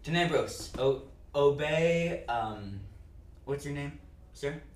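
A woman narrating as game master in a tabletop game, halting and full of fillers. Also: deep voice, animated, a little mellow. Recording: echoey room, mic a bit far.

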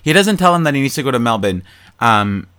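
A man with an everyday mid-range voice talks through a movie plot in loose, casual chat. He is animated and profane, swearing freely and mocking the characters as he goes. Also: mid-range voice, a little fast, clear, resonant tone. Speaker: podcast co-host.

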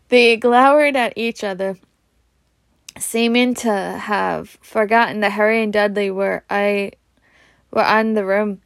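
A woman's voice: medium pitch, fairly even intonation, a little slow, vocal fry, dry recording. A woman reading a novel aloud, often stumbling over words and restarting. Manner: stumbling, frequent restarts, self-laughing. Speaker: amateur reader.

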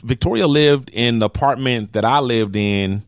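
A man's voice: mid-range voice, no echo, lo-fi sound. A man co-hosting a comedy talk podcast, reading listener answers aloud and joking about them. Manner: joking, reads out listener answers with quick reactions. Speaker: podcast co-host. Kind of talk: casual comedic chat.

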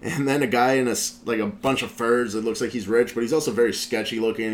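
A man's voice: mid-range voice, fairly even intonation, fast talker. A male show host in casual commentary, recapping a video in a rambling way with lots of filler words. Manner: rambling, heavy use of "like" fillers.

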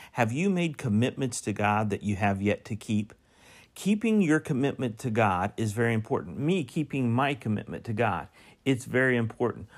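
A man preaching a sermon. He reads a psalm aloud, then explains it, asking the listeners direct questions and stressing key words. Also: medium pitch. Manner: reads scripture slowly, then preaches with rising emphasis and questions. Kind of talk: sermon with scripture reading.

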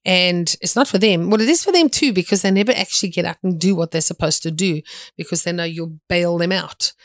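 A woman's voice: on the low side, fairly quick, no echo, clean studio sound. A middle-aged woman preaching a sermon, telling stories in an earnest way with frequent restarts.

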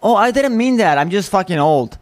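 A man's voice: sits high, animated, brisk, dry recording, pitched above the performer's own voice. A man putting on the voice of a confused, rambling elderly male politician in a mocking tone.

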